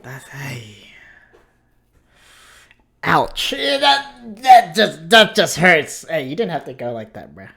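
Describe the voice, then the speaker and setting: Woman, reaction host, slow and drawn-out, lively swinging pitch, loud hip hop beat behind. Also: creaky. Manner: slangy, laid-back, laughs often. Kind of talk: casual reaction commentary. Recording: loud rap music playing behind. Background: hip hop music.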